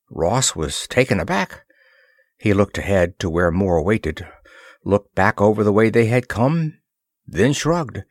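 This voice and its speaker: Slow animated guy reading a pulp adventure story, lowish voice, dry close mic. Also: no echo. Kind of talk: scripted storybook narration.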